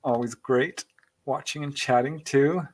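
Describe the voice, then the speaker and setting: A male podcast host greets his live chat one name at a time, chatty and grateful. He laughs easily between the comments and keeps an easy, mid-pitched voice. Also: a little slow. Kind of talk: live-stream show, reading out viewer chat.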